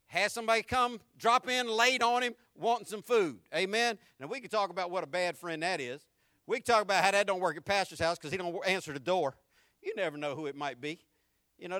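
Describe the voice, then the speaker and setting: High, bright-voiced man preaching animatedly. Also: a little fast, dry recording, clean studio sound. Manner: animated, conversational preaching with slang and humor; repeats words when starting sentences. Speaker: pastor. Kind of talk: sermon.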